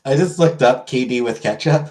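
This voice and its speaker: A man's voice: medium pitch, moderate pace, darkish tone. A man from Canada, a livestreamer chatting casually with his viewers, rambling with lots of fillers. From Canada, born in Ontario. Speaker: livestreamer reading chat. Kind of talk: casual chat.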